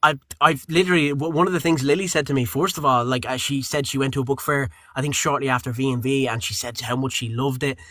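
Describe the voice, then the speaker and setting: A young Irish man, a voice actor being interviewed, telling stories in a lively way, acting out quotes and swearing casually. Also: mid-range voice, fast talker, hardly any pauses, dry recording. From Ireland. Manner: animated storyteller, acts out quotes, swears casually. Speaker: guest voice actor.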